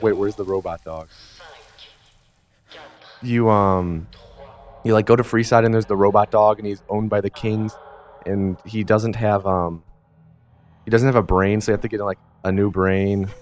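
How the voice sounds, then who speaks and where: Low-voiced man rambling through a story. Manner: rambling, filler-heavy, casual swearing. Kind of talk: rambling comedic recap of a video game from memory.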